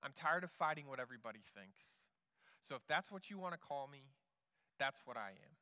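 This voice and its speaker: A man's voice: expressive, brisk, sharp tone, in a large hall. A preacher voicing a weary, resigned man. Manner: low, heavy, resigned. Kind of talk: acted quote in a sermon.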